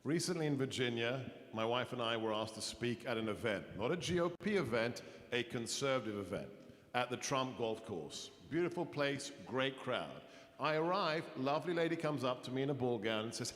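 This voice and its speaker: A man's voice: mid-range voice, expressive, moderate pace, a bit bright. A man speaking on a panel at a live event, telling a story and then pressing his point emphatically. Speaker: talk radio host on a panel. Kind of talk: impassioned panel speech. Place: large hall with audience. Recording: hall reverb with crowd behind.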